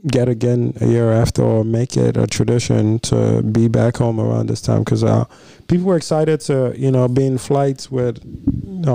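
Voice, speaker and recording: A man's voice: mid-range voice, vocal fry, warm tone, dry recording. A young man from Nigeria co-hosting a podcast in casual, joking chat, rambling with fillers. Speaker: podcast co-host.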